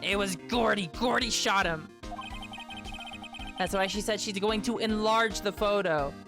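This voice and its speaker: A woman's voice: mid-range voice, measured pace. A young woman streamer commenting on a game she plays, sarcastic and swearing freely. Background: game music.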